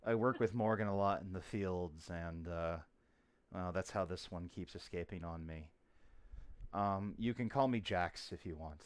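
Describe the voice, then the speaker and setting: A man playing a gentle widowed father in a tabletop game, speaking low and softly. He stops and restarts a lot and apologizes, and his tone stays smooth and resonant. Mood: apologetic. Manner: soft-spoken, apologetic, halting.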